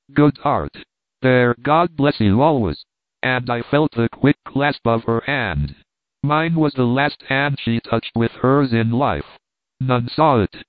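A man narrating a story in the first person with measured, earnest delivery. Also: medium pitch, clear, resonant tone, no room sound. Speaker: audiobook narrator. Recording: dry, tinny phone-like sound.

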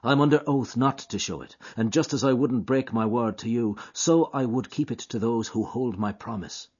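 A man's voice: mid-range voice, moderate pace, a little mellow, slightly rough, natural voice. A man doing a coaxing lover. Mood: earnest. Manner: coaxing, earnest brogue. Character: young Irish man, smooth-talking, secretive lover. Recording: dull lo-fi recording.

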